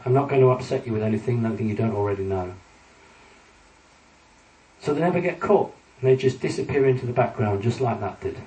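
A man's voice: mid-range voice, a little mellow. A man giving a public talk with slides, earnest and emphatic as he warns his audience. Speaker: lecturer addressing an audience. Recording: echoey hall, distant mic, faint ambience.

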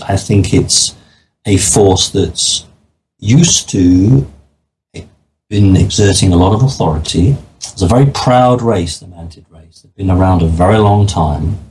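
A man's voice: deep voice, a little mellow, a little hiss or hum, low-quality recording. A man talking as a guest in an interview, explaining his views in an earnest, matter-of-fact way. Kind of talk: interview conversation.

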